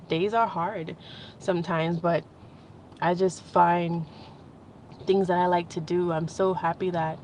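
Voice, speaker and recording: In a loose spiritual vlog, a young woman talks on and on, getting emotional and occasionally laughing. She has a lowish, darkish voice, and a slight hiss or hum sits in the recording.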